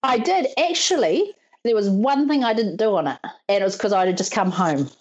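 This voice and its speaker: In a muffled recording, a New Zealand stuntwoman in her thirties chats through anecdotes at a fairly quick clip, her voice sitting at medium pitch. Lively and full of laughter, she performs the words of whoever she's quoting in this casual interview.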